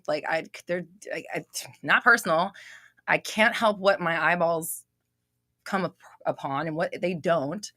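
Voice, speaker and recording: A young woman hosts a casual live stream, reading comments aloud in a loud, expressive voice that sits on the low side, laughing a lot and swearing freely. The studio-quality sound has no echo.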